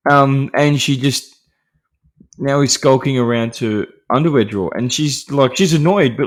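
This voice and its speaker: A man hosts a podcast about horror films, talking through a film in a casual, rambling way full of fillers and restarts, with light laughter between points. His voice is medium-pitched and his pace moderate.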